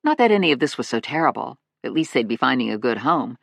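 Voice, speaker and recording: Wry, lively audiobook narrator. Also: medium pitch, fast, gravelly, no echo, clean studio sound. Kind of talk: scripted narration.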